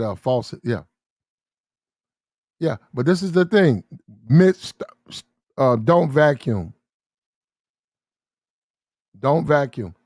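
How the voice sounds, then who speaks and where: A man with a mid-range voice tells a rambling story in a casual monologue, recorded clean in a studio with no room sound. His talk is slangy and repetitive street speech, quickly shifting into acted-out shouting arguments.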